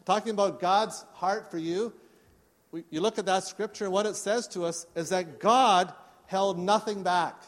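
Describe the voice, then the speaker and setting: A man's voice: high voice, moderate pace. A man preaching a sermon to his congregation, earnest and inviting them to respond. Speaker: pastor. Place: church service. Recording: long reverb of a church hall.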